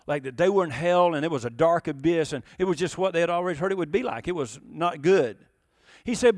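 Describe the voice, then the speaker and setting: A man's voice: high-pitched, no room sound, clean studio sound. A man preaching a sermon in an emphatic, conversational way, full of rhetorical questions. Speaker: pastor.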